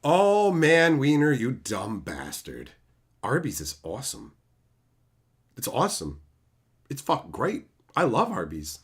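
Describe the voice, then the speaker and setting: Man, livestream rant, foul-mouthed, loud bursts then low mutters, very lively pitch. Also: unhurried, long pauses, slightly rough. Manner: profane, ranting, swings from loud outbursts to low mutters. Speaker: streamer reading live chat.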